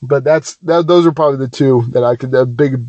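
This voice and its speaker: In a dry, muffled recording, a male podcast co-host with a mid-range voice talks briskly through rambling stories in casual chat. He's animated and self-deprecating, often starting over mid-thought.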